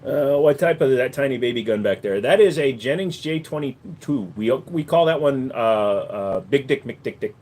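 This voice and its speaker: A man's voice: mid-range voice, expressive, normal speed, few pauses, a little mellow. A man from the United States hosting a casual livestream, joking and answering viewers' questions at a desk microphone. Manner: joking, slips in and out of put-on accents. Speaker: livestream host.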